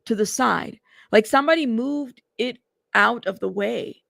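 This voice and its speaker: A woman's voice: fairly high pitch, measured pace, vocal fry, fairly bright tone, no room sound, studio quality, full character voice. A woman reading out a male celebrity witness's testimony in court, giving short, plain answers.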